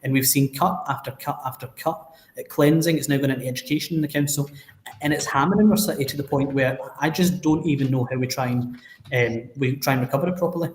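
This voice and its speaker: A man with a Scottish accent, a city councillor speaking forcefully and with indignation in a political talk-show discussion. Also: medium pitch, quick pace, slight background noise. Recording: roomy echo.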